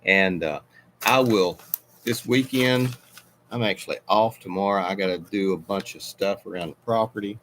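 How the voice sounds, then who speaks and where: A man's voice: deep voice, normal speed, fairly bright tone, slight background noise. A middle-aged man hosting a casual livestream, rambling through viewer comments and wandering off on tangents as he talks. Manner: rambling, meandering, self-interrupting. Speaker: livestream host. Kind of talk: casual live chat reading viewer comments.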